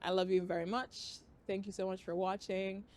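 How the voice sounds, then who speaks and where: A young woman from Africa hosting her own podcast, talking casually and openly to camera, swinging from loud excitement to quiet earnestness. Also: medium pitch, normal speed. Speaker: podcast host. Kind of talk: casual confessional talk to camera. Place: outdoor balcony.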